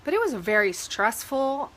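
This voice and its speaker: A woman real estate agent giving casual advice, sniffling from a cold and animated when she retells her arguments. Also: on the high side, normal speed. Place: home with dogs.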